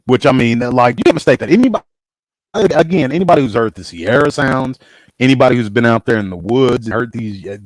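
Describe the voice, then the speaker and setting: A man's voice: mid-range voice, dry recording, low-quality recording. A man hosting a casual podcast conversation, talking emphatically and often restarting his sentences. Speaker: show host.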